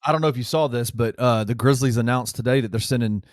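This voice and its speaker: A man's voice: mid-range voice, fast, no echo. Chatty male podcast host, dry mic. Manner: conversational, stumbles and restarts. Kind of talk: casual sports chat.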